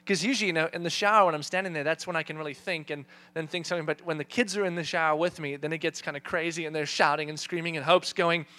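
A man in his thirties, a pastor telling a lively, self-mocking story during a church sermon. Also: on the high side, quick pace, few pauses.

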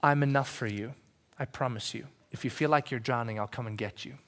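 A man voicing Jesus as a calm, reassuring adult man, speaking softly and low, at times almost in a whisper. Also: close to an everyday voice. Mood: tender. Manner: hushed, soft, slow, sometimes whispered.

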